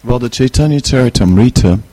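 A middle-aged man giving an informal spiritual talk, relaxed and hesitant, chuckling as he tells a personal story. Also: mid-range voice, fairly quick, dry recording. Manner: relaxed, hesitant, chuckles while telling stories. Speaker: spiritual teacher.

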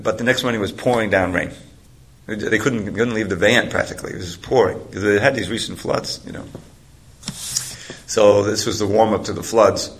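A man's voice: lowish voice, a bit bright. A man giving a talk, telling a story in a loose, rambling way. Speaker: speaker.

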